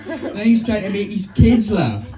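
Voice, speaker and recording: Lively high-voiced comic. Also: male voice, measured pace, muffled recording. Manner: animated, punchy delivery with crowd laughter. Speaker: stand-up comedian. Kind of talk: stand-up storytelling. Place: comedy club stage. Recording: distant live club sound with audience.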